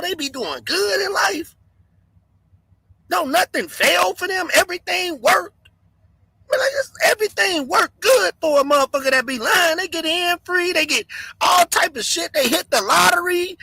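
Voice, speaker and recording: A man hosting a livestream, ranting loudly and excitably, swinging between shouts and mutters and laughing often. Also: very high voice, gravelly, dry recording, poor audio. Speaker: livestream host. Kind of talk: animated livestream rant.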